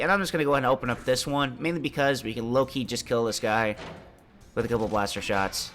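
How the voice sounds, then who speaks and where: A man's voice: mid-range voice, fast, a bit bright, soft background music. A man with a congested voice, casually talking through a video game as he plays and explaining each step. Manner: laid-back, chatty, explains as he plays. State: congested, under the weather. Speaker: gameplay commentator. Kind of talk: casual let's-play commentary.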